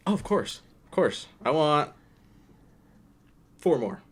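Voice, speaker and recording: A man chatting as a podcast guest, relaxed and laughing easily. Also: a little high, takes it slowly, husky. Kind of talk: casual chat.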